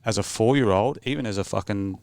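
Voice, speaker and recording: A man's voice: lowish voice, brisk, gravelly, darkish tone, no echo. A man in his thirties, a guest on a casual podcast, explaining earnestly and asking probing questions. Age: 30s. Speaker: podcast guest, men's work facilitator.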